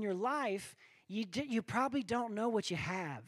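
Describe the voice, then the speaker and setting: A man preaching a sermon, telling stories with animated quoted voices and asking the crowd if they're with him. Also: high voice, moderate pace, no echo. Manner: animated storytelling, acting out quoted voices, asks the crowd for responses.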